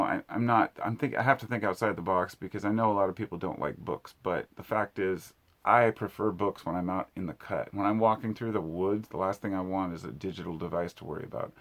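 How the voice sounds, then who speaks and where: A man with a somewhat low voice talks straight to camera in a loose, unscripted vlog. He rambles and reflects as he goes, leaving in plenty of fillers and restarts. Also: fairly quick. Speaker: vlogger. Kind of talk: casual vlog monologue.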